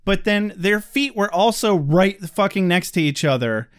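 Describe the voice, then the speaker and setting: A man's voice: high voice, lively intonation, unhurried, clean tone. A man co-hosting a podcast, casually recapping an episode with sardonic, swear-laced remarks. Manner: sardonic, swears casually, reads quotes aloud. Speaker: podcast co-host.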